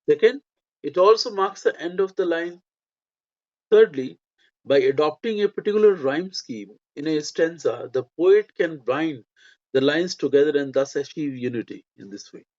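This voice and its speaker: A man's voice: fairly high pitch, a little mellow, dull audio. A man teaching a lesson, talking hesitantly with many fillers and restarts. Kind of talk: spoken lecture on poetry.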